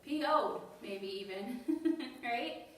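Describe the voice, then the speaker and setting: A woman's voice: on the high side, expressive, very slow, slight background noise. Woman trainer in an echoey room. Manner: conversational, asks the room questions. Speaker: dementia care trainer. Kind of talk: staff training talk. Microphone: distant mic. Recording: very echoey room, distant mic.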